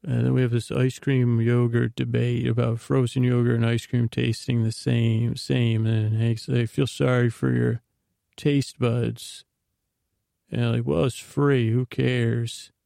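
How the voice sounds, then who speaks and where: A man's voice: medium pitch, monotone, measured pace, gravelly, mellow, dry recording, studio quality. A man hosting a sleep podcast, retelling a TV episode in a meandering bedtime ramble full of restarts and asides. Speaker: podcast host.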